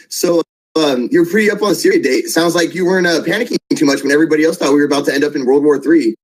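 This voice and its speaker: A man's voice: a little high, fast talker, low-quality recording. A man hosting an interview, asking questions in an easygoing, agreeable way. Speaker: host. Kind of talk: casual interview talk.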